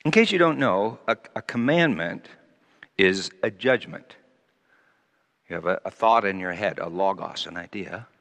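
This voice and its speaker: A man preaching a sermon, animated, moving between loud emphasis and quiet asides. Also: sits low, a little slow, vocal fry. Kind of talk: sermon with Bible teaching. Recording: long reverb of a large hall.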